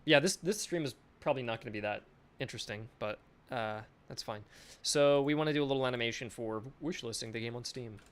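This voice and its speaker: A man's voice: mid-range voice, quick pace, fairly bright tone, smooth. A male game developer thinking aloud in a casual live stream, chatty and self-mocking, swearing offhandedly, speaking into a desk microphone.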